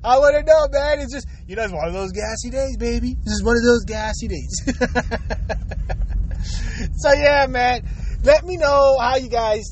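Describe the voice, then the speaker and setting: A man's voice: very high-pitched, a little slow, pauses often, dull audio, a little hiss or hum. A young man in a crude, rambling casual rant to his viewers, full of slang and frequent chuckles. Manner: slangy street talk. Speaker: vlogger.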